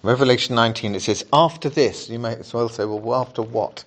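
A man preaching a sermon, explaining scripture in a measured, earnest way and reading passages aloud to the congregation. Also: mid-range voice, a bit bright.

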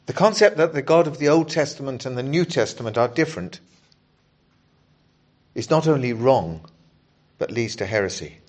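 A man's voice: medium pitch, lively intonation, darkish tone. Earnest male preacher expounding scripture. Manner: measured, earnest Bible exposition with scripture readings. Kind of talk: sermon.

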